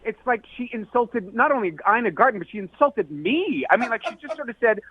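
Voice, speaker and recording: A man's voice: extremely high pitch, animated, fairly quick, hardly any pauses, slightly rough, dry recording. A man on a radio call-in segment, indignant and exasperated, ranting about a date. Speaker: caller on a radio dating segment. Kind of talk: radio call-in phone conversation. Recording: tinny phone line.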